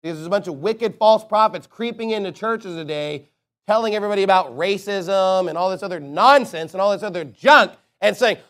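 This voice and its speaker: A male pastor delivering a combative sermon, pressing hard with one rhetorical question after another. His voice sits high for a man. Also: a little fast, fairly bright tone. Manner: fiery, combative preaching with repeated rhetorical questions.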